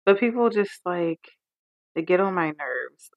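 A woman in her thirties, a podcast co-host, speaking crisply and emphatically in casual chat. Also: on the low side, animated, a little slow, phone-quality sound. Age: 30s.

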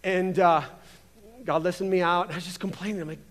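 A man's voice: high-pitched, steady tone, quick pace. A young male pastor preaching a casual, conversational sermon, full of restarts and asides, in a large church. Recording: reverberant church hall with faint music.

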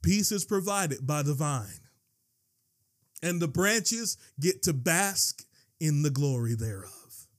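High-voiced excitable male preacher. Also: slow. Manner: excitable preaching, swinging from quiet reading to yelling; repeats and restarts words when worked up. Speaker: pastor. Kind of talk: sermon.

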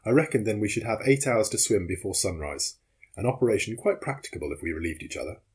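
A man with a husky voice reading a novel aloud as audiobook narrator, in a measured, steady way. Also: on the low side. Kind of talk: scripted narration.

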